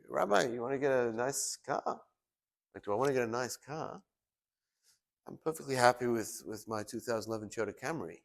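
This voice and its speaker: A middle-aged man, a rabbi, giving a Torah portion class, who tells stories and acts out the people in them with big jumps in voice. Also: a bit bright. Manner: storytelling, acts out voices with big pitch swings.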